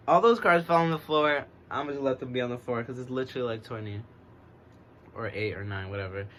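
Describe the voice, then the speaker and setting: An American man reading oracle cards in a relaxed, rambling way, speaking in a put-on English accent that he uses to get through a stutter. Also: on the high side, moderate pace, slight background noise. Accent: American trying an English accent. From United States. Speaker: oracle card reader. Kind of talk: casual divination reading.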